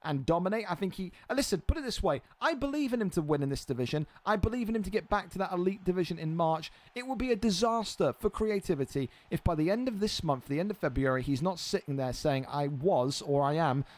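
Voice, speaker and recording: A man's voice: high voice, expressive, fast talker, hardly any pauses. A man hosting and commentating an online fight league live stream, blunt and exasperated, swearing freely.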